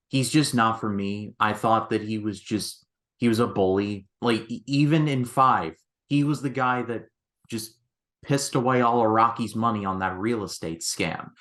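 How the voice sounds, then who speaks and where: A man hosting a casual film review chat, animated and quick with asides. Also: on the low side. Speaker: film review podcast host.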